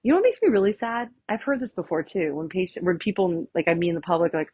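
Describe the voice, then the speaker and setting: A woman chiropractor, giving a lively, chatty workshop talk and often asking "right?". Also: on the low side, fast talker, breathy edge, no room sound, dull audio. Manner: chatty, tags lines with "right?", acts out quotes. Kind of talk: casual, enthusiastic presentation.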